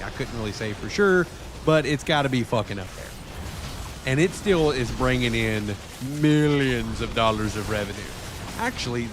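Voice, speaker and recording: A man's voice: medium pitch, a little hiss or hum. A man streaming a game and chatting casually, swearing freely and ranting with animation. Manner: profane, animated rant.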